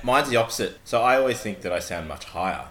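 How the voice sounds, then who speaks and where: A man with a deep voice, self-deprecating in casual podcast chat. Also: animated, quick pace, a bit bright. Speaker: podcast co-host.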